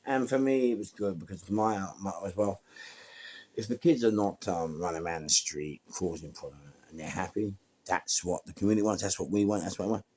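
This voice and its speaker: London man, low and rough-edged voice, casual storyteller who acts out the quotes. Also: a little fast, darkish tone. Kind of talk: casual spoken anecdote.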